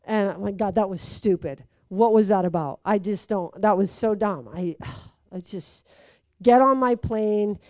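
A woman's voice: medium pitch, a little slow, dry recording. A young woman animatedly telling a personal story, acting out voices and laughing along. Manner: lively, acts out quoted voices, laughs through it.

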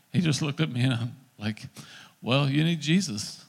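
A middle-aged male pastor telling a story in a sermon, acting out the dialogue in an animated preaching voice. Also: medium pitch, normal speed, gravelly, few pauses.

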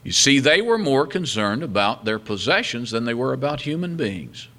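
Animated, bright-voiced male preacher. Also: moderate pace. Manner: animated preaching with wide swings in pitch and loudness; reads scripture aloud and adds humorous asides. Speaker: pastor. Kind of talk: sermon.

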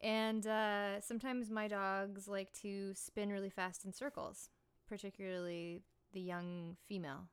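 A woman's voice: mid-range voice, level tone, unhurried, clear, resonant tone. A young woman hosting a podcast, telling stories in a playful, rambling, giggly way. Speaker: podcast host and musician. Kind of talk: casual chat.

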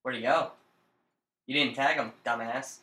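Unhurried yet forceful, this young man's bright, medium-pitched voice holds a steady tone as he co-hosts a casual gaming show. He taunts his friend, curses constantly, and issues dare after dare, all in an echoey room.

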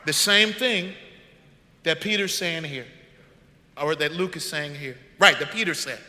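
A man with a high, very bright and forceful voice preaches a sermon, talking with his congregation and throwing questions at them. The sound carries a long reverb from the church hall he speaks in. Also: measured pace. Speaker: pastor. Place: church sanctuary.

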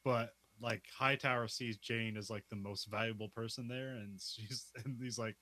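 A man's voice: medium pitch, steady tone, normal speed, pushed and bright. A man co-hosting a casual TV recap chat, retelling the plot loosely and laughing often. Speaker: podcast co-host.

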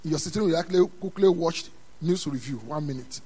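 A man preaching a sermon in a church, dropping to quiet asides and then rising to loud, emphatic calls. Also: a little high, fast talker, slightly rough. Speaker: pastor.

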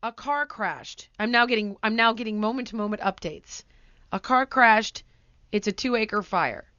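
A woman hosting a podcast, telling a story in casual chat, animated and acting out quotes loudly. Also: fairly high pitch, a little slow, no echo, muffled recording. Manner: animated, breaks into laughter, acts out quotes loudly. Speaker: podcast host.

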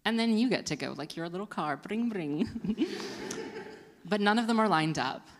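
A woman's voice: mid-range voice, expressive, normal speed, big-room sound, slight background noise. Self-mocking woman doing stand-up. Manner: rambling, self-mocking, laughs at own jokes. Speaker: comedy show host. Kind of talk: stand-up comedy. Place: performance venue with live audience.

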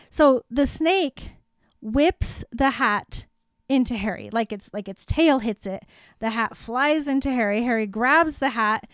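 Woman, young, giggly and playful, high voice, smooth, dry close sound. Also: moderate pace, no room sound. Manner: giggly, playful, animated retelling with silly voices. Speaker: podcast co-host retelling the book. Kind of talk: casual chat.

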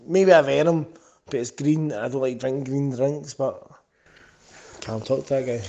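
A man's voice: medium pitch, moderate pace, warm tone, lo-fi sound. A rowdy man in a drunk voice message, insistently repeating "mate". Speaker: stag party acquaintance. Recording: phone recording with background noise.

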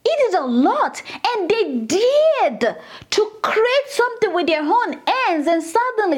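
A woman leading a casual Bible study, retelling scripture with animated, indignant asides. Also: very high-pitched, unhurried.

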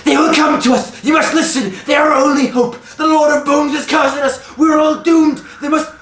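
A man putting on a frantic, ragged woman prophet crying out warnings in the street of a tabletop game. The voice is pushed very high and loud, desperate and shrill, in an echoey room. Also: moderate pace, soft background music, lightly acted. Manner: shrieking, desperate pleading.

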